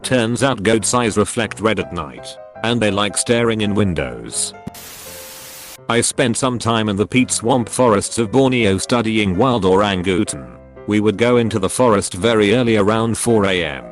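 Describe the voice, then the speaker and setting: A man with a fairly low voice reads online stories aloud in a steady, even narration. Faint music plays softly behind him. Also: normal speed. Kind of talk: scripted narration.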